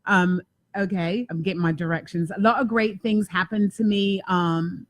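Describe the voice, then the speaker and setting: A woman's voice: medium pitch, fairly even intonation, normal speed, dry recording. A woman hosting a casual talk show, effusive and emphatic, often repeating words for emphasis. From United States. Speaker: talk show host and life coach.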